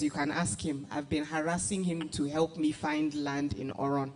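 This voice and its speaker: A woman's voice: sits low, steady tone, normal speed, hardly any pauses. A woman giving a formal yet chatty speech at an award night, laughing often between points, into a stage mic in a large hall. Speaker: guest speaker, arts agency director.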